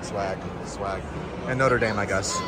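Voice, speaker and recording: A man's voice: lowish voice, fairly even intonation, slow pace, very noisy. A man hosting a casual travel vlog, upbeat and chatty, laughing often. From Florida. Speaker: vlog host.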